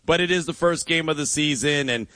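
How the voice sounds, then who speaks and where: Bright emphatic man sports radio host. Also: a little high, a little fast, no echo. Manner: emphatic, conversational, teasing. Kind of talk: casual sports talk. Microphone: studio mic.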